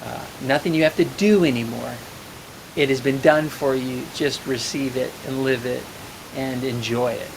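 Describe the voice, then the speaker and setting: A man's voice: mid-range voice, fairly even intonation, normal speed, gravelly, background noise. A man hosting a live call-in show, talking reflectively about faith and therapy and quoting scripture. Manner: reflective, preachy, quotes scripture. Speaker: host.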